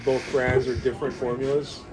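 A man in casual, profane banter, talking in an animated and opinionated way. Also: medium pitch, fairly quick, slight background noise. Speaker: comic shop co-owner.

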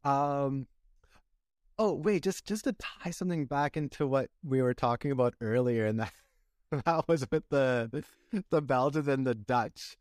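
A young man hosting a podcast, chatting in a relaxed way and asking his guest questions. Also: mid-range voice, unhurried, no room sound, clean studio sound. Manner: relaxed and conversational, asks questions. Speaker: podcast host. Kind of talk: casual podcast chat.

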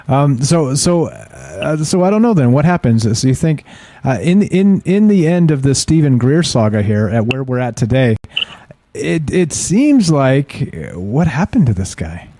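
A man's voice: mid-range voice, big pitch swings, moderate pace, dark tone, no room sound. A man hosting a casual podcast, asking hesitant questions with restarts and laughing often. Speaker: podcast host.

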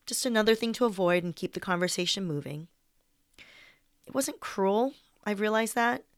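A woman's voice: medium pitch, moderate pace, dry recording, studio quality. A young woman reading her personal essay aloud in a candid, wry way, with some swearing.

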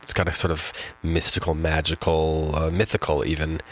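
On a rough recording, a poetry show host with a rumbling low voice speaks flatly at a moderate pace. He chats thoughtfully about a poem, hesitating and restarting, and gives it a slow read-aloud.

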